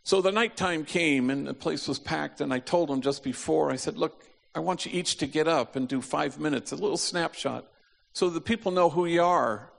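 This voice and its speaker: Male preacher, gravelly voice, hall reverb, storytelling sermon that drops to a slow hush on the key lines. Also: fairly high pitch. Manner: slows to a near hush on key phrases, acts out quoted voices.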